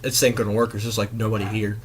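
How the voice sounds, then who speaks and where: A young man hosting a casual chat, asking questions with frequent "um" pauses. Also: on the low side, level tone, a little hiss or hum. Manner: hesitant, lots of "um" fillers. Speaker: host.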